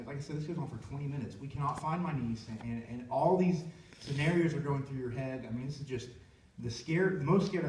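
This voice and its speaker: A man's voice: mid-range voice, noisy background. A young man, a worship leader, telling a heartfelt personal story in a rambling way with many restarts. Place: church sanctuary. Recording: echoey church room from far off.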